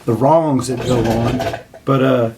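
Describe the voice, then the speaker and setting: A man's voice: medium pitch, fairly even intonation, slow pace, background noise. An older man, a band member, talking earnestly and reflectively in an interview.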